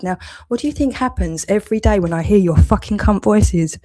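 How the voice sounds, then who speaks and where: A woman's voice: mid-range voice, a little fast, dark tone. A woman delivering an angry, heavily sworn monologue rant, accusing and scolding. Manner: heavy swearing, accusatory, rising anger.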